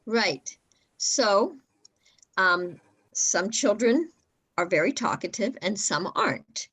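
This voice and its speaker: A woman's voice: medium pitch, big pitch swings, takes it slowly, fairly bright tone, slightly rough, no room sound. A woman speaking as a guest at a webinar, earnest and repeating words as she restarts her sentences. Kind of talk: webinar talk.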